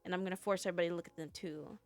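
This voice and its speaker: Racing along in a lowish, steady voice, a young woman VTuber chats casually with viewers while faint music plays behind her. She's playful and giggly, poking fun at herself.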